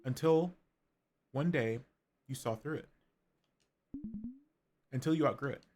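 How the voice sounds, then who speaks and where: Casting: male streamer, mid-pitched, calm narration over game music. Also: a little slow. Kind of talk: reading game narration aloud.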